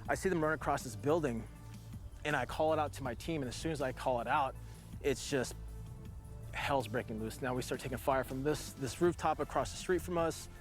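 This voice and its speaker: A man's voice: mid-range voice, a little fast, soft background music. A man in his forties, a veteran guest, telling a long story in a loose, rambling way full of fillers. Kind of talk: casual storytelling.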